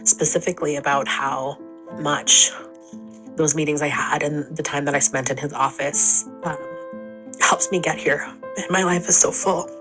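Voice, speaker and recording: A woman who works as a counselor, speaking gently and reflectively in a heartfelt tribute, with soft laughs between phrases. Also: low voice, fairly even intonation, moderate pace, over music.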